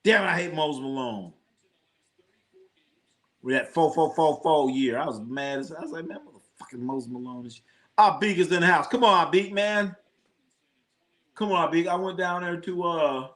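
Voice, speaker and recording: A man's voice: on the high side, measured pace, fairly bright tone. A man hosting a live sports stream, rambling and swearing casually as he reacts to scores and talks to his chat. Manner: rambling, profane, talks to chat, tells jokey anecdotes. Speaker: sports livestream host.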